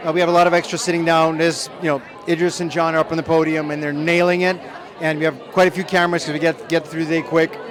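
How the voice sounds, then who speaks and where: A man with a high voice tells chatty, self-deprecating anecdotes in an interview. He is a film director at an outdoor premiere. A crowd chatters loudly behind him. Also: level tone, fast talker. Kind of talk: press junket interview.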